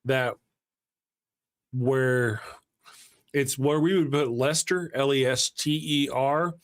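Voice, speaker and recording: A man's voice: medium pitch, fairly even intonation, takes it slowly. A man from Texas, co-hosting a casual live stream, joking and reading the chat aloud. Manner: joking, drawling asides, reads chat aloud. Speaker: co-host.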